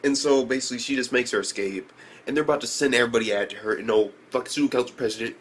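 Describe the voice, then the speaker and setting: A man recapping an anime episode in a casual, profane, rambling way, breaking into shrill disbelieving outbursts. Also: very fast, slight background noise. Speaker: anime reviewer.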